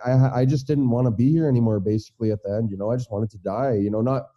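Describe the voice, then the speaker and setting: Middle-aged male host, casual chat; halting and earnest; deep, dark tone; muffled lo-fi audio. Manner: earnest, halting, with many restarts and fillers. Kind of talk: casual conversation. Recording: dull lo-fi recording.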